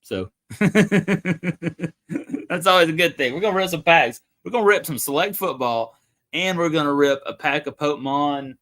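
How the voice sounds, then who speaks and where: A man's voice: fairly high pitch, normal speed, fairly bright tone. A young man, hosting a casual livestream and rambling to viewers. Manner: rambling, chatty, talks to viewers. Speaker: livestream host.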